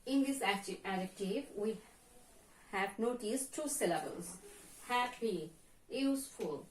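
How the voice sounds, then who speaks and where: A woman with a Bangladeshi accent teaches a slow lesson at a measured pace, her medium-pitched voice a little mellow, repeating each word several times to drill pronunciation. Slight background noise sits in the echoey room, and she's recorded from far off.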